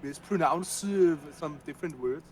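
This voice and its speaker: A man playing a tabletop game, chatting playfully and haltingly over voice chat. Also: on the high side, a crowd in the background, low-quality recording. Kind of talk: casual chat.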